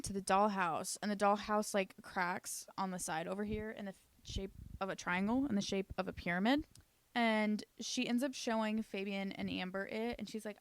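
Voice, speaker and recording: A woman's voice: mid-range voice, steady tone, moderate pace, no echo. Chatty woman recapping a show, dry sound. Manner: chatty, swears freely, lots of "like" fillers. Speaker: YouTube recap host. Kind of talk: casual comedic show recap.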